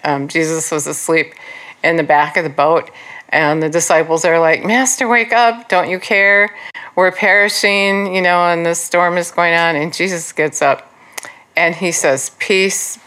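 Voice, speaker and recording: A woman giving an informal Bible teaching, earnest and conversational, with frequent pauses and fillers. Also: low voice, fairly bright tone.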